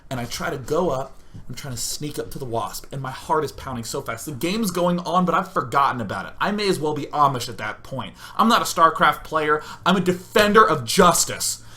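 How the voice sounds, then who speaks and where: A man hosting a gaming stream, telling a comic story in an animated, self-mocking way with loud outbursts. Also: fairly high pitch, brisk. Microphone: streaming setup facing a webcam.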